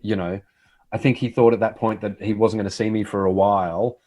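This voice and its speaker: Man, middle-aged, TV host, low pitch, reflective, casual chat. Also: fairly even intonation, a little fast, darkish tone. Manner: storytelling, reflective. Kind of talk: casual conversation.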